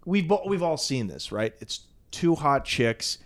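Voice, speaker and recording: A man's voice: on the high side, sing-song, unhurried. A young man co-hosting a podcast, telling a rambling, crude story in casual chat. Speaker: podcast co-host.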